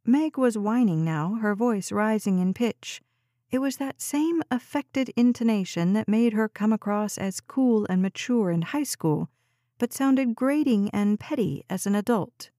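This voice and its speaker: A woman reading a novel aloud as an audiobook narrator, in calm and measured scripted narration. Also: medium pitch, dry recording, clean studio sound.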